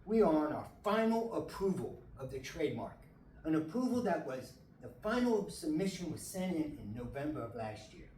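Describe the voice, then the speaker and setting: A middle-aged or older resident speaking at a city meeting's public comment, emotional and indignant, halting and restarting, close to tears. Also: mid-range voice, sing-song, darkish tone, a little hiss or hum. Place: council meeting hall. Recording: echoey hall, distant mic, faint ambience.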